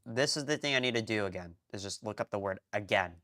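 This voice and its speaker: A young man live-streaming his language study, rambling and thinking out loud, often muttering to himself and restarting sentences. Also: lowish voice, quick pace. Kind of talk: casual live-stream chatter.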